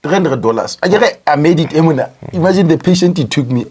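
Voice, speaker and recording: A man, co-hosting a podcast, teasing and animated in casual chat. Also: fairly high pitch, quick pace, breathy edge. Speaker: podcast co-host.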